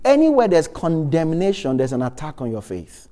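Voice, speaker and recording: A man's voice: fairly high pitch, wildly swooping pitch, normal speed, warm tone, in a large hall. A man preaching a sermon, reading Bible verses and asking the congregation questions with emphasis.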